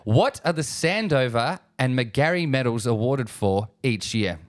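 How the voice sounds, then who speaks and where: A man's voice: medium pitch, expressive, unhurried, no echo, clean studio sound. An Australian man co-hosting a sports podcast, hesitant with many ums, reading out quiz questions. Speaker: podcast co-host, quizmaster. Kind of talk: casual chat.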